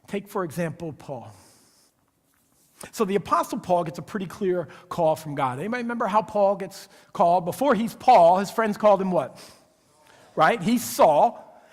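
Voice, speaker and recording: A man preaching a sermon in a conversational, storytelling way, swinging from hushed, quiet lines to loud, excited ones as he acts out voices. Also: high-pitched, big-room sound. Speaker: pastor. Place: church sanctuary.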